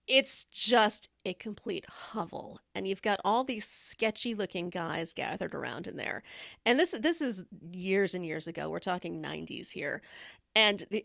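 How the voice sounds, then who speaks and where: A woman's voice: lowish voice, gravelly, a bit bright, no room sound, clean studio sound. A woman hosting a live stream, casually telling candid stories with a blunt manner and frequent laughter. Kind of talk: casual storytelling chat.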